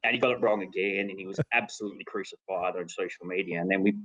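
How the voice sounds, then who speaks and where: Guest spot: middle-aged Aussie man, deepish voice, rambling anecdote, laughs at himself. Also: fairly even intonation, fast, a bit bright, breathy edge, muffled recording. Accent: Australian. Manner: rambling with restarts, laughing at his own story. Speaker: podcast guest, former cricketer. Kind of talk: casual storytelling.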